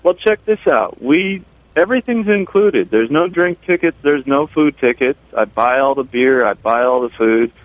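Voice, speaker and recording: A man's voice: mid-range voice, normal speed, no room sound. A laid-back brewer talks plainly over the phone, his voice narrowed to a tinny, lo-fi band. The line is dry, with no room sound around it, and he leans on fillers as he chats. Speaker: brewer and festival organizer, phone guest. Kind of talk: casual radio chat. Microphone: telephone.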